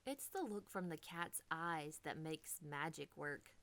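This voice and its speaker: Slow, bright-voiced woman reading a storybook. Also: deep voice. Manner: slow, expressive, dips into whispers for drama. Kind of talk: children's storybook read-aloud.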